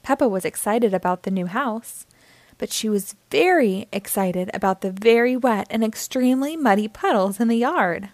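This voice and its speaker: A woman reading a picture book aloud to children, with clear, expressive storytelling. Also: on the high side, moderate pace, no echo.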